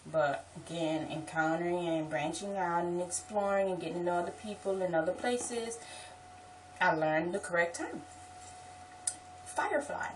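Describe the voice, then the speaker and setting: Chatty New Orleans woman, lowish voice. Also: far from the mic, a little hiss or hum, rough recording. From Southeast Louisiana. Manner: chatty, explains with asides and restarts. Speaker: vlogger. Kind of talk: casual accent-tag vlog chat.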